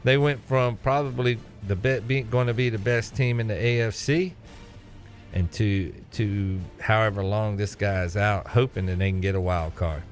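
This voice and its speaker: A man's voice: on the low side, moderate pace, soft background music. A man co-hosting a sports talk show, ranting sarcastically and giving his opinions. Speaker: sports radio co-host.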